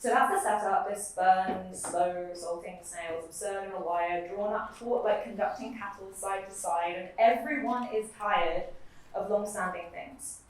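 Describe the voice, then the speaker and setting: Young woman poet at a live reading, steady recital w/ chatty bits between poems, mid-pitched, far from the mic. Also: measured pace, slight background noise. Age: young adult. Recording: very echoey room, mic far off.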